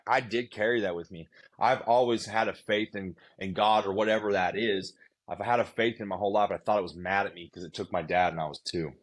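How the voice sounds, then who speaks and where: Earnest low-voiced man telling his story. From Utah, USA. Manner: earnest, conversational, many fillers and restarts. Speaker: podcast guest. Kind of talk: candid storytelling.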